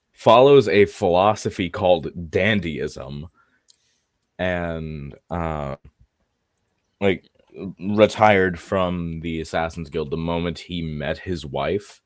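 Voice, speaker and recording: A young man in casual gaming chat, talking in a halting way and swearing casually. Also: deep voice, dry recording, studio quality. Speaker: tabletop game player.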